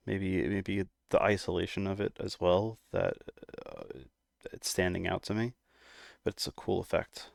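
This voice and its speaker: A man's voice: deep voice, creaky, no room sound, studio quality. A man hosting a music reaction video, talking casually with many hesitations and fillers, a little out of breath. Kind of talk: casual chat.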